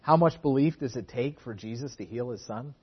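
A man preaching a sermon in an earnest way, often doubling back on his words to press a point. His voice is husky, and it comes through a dull, lo-fi recording. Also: mid-range voice, brisk. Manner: earnest, repeats words for emphasis.

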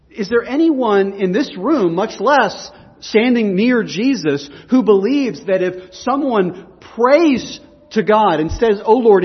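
A man preaches with a high, slightly husky voice, working through the text and putting questions to his congregation. His words hang in the long reverb of a church hall. The recording is muffled and dull. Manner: explanatory, asks the congregation questions. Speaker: pastor. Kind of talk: sermon.

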